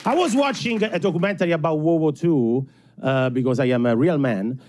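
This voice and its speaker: A man from Italy performs stand-up with a thick Italian accent. His voice sits high and swings all over, animated and self-mocking as he plays to the room. A faint crowd and light noise sit behind him. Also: fairly quick. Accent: strong Italian. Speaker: stand-up comedian. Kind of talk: stand-up comedy set.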